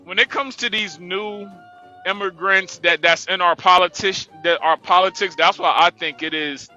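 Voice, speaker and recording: A man's voice: high voice, fairly even intonation, normal speed, sharp tone, highs cut off, soft background music. A man speaking on an online panel, stumbling at the start of thoughts and then explaining at length.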